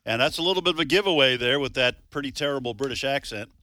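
A man co-hosting a radio trivia show, joking around and reading questions out slowly. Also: mid-range voice, sharp tone, no echo. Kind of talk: casual radio chat.

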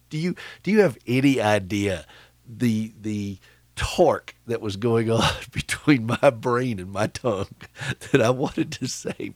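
Low-voiced man hosting a caregiver radio show. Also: no room sound. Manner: storytelling, chuckling, asks listeners questions. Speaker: radio host. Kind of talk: conversational radio talk.

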